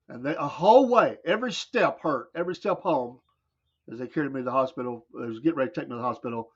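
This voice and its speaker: A man's voice: on the high side, expressive, fast talker, breathy edge. A man, folksy Southern morning host, lo-fi. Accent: American Southern. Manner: folksy storytelling, laughs often. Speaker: radio show host. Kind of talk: casual morning show chat, reading chat comments. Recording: dull lo-fi stream audio.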